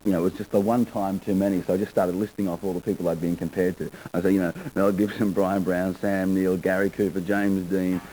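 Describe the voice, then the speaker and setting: A man in his twenties with an Australian accent, a guest actor on a TV talk show, joking wryly and talking in quick runs. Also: low-pitched, little pitch movement, mellow, slight background noise, rough recording. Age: 20s. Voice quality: wry, joking, quick rambling. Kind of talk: TV interview.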